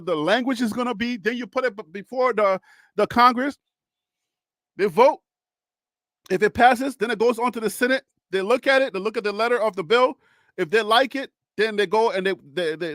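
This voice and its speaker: High-voiced man chatting, dry close sound. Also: fairly bright tone, dry recording. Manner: laughs often, chatty, explains step by step; addresses a caller or chatter directly. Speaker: host. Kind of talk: casual political discussion.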